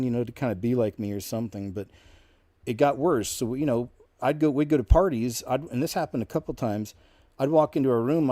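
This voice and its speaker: Mellow-voiced man telling a rambling story. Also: medium pitch, dry recording. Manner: rambling, with many asides and restarts. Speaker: channel host telling a personal story. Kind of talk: casual storytelling.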